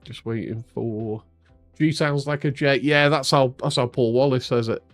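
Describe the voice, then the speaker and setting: A man's voice: mid-range voice, steady tone, moderate pace, no room sound, soft background music. Chatty self-deprecating man streaming. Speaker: sim racing streamer and league driver. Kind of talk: casual live-stream chat.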